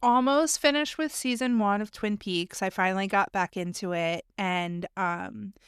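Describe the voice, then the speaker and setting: Woman podcast co-host, chatty and giggly, clean smooth voice on a dry mic. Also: medium pitch, unhurried, dry recording. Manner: chatty, giggly, lots of fillers. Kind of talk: casual podcast chat.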